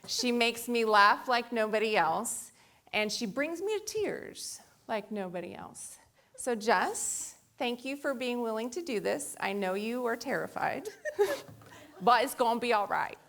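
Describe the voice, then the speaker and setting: A woman's voice: a little high, expressive, a little slow, vocal fry, fairly bright tone. A woman church leader introducing the next speaker from the stage, playful and teasing.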